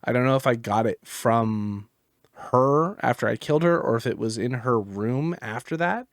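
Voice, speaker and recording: A man's voice: mid-range voice, moderate pace, no room sound, studio quality. A man hosting a gaming podcast, telling a rambling, profane story about his game in casual chat. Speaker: podcast host.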